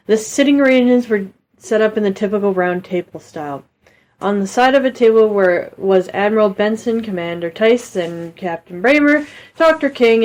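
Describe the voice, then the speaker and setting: Brief: mid-pitched woman, deadpan co-host, comedic reading of a cheesy book. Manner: flat reading, bored and dismissive asides.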